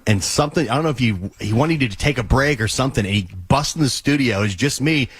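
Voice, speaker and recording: Man, board operator, husky voice, dry studio sound, laughing chat. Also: mid-range voice, fast talker, no echo. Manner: laughing, animated retelling. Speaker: radio show board operator. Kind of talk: casual chat.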